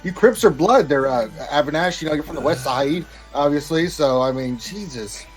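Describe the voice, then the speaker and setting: A man's voice: a little high, moderate pace, faint music behind. A man co-hosting a live online show, teasing and mock-exasperated in casual banter. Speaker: co-host.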